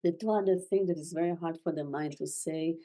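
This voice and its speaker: A woman teaching a masterclass, speaking gently with halting, non-native phrasing and frequent restarts. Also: on the low side, fairly even intonation. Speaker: spiritual teacher. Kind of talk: masterclass talk.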